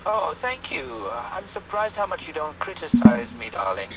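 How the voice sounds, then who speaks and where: A man's voice: a little high, very animated, moderate pace, over a noisy crowd. An AI voicing a theatrical British rock-star man. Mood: affectionate. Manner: calls everyone darling, theatrical and fussy. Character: AI chatbot imitating a flamboyant male rock singer. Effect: AI voice from a phone app. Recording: dull lo-fi phone speaker playback.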